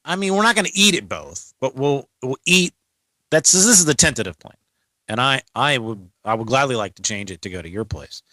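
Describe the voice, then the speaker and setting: A man's voice: medium pitch, animated, fairly quick, bright, forceful tone, dry recording. A man, co-hosting a casual podcast, rambling and asking lots of questions. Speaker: co-host.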